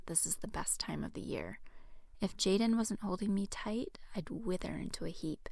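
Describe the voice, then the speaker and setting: A woman reading her own romance novel aloud in a soft, hushed first-person narration. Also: mid-range voice, normal speed, creaky, husky, no echo, whispered, studio quality. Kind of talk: audiobook narration.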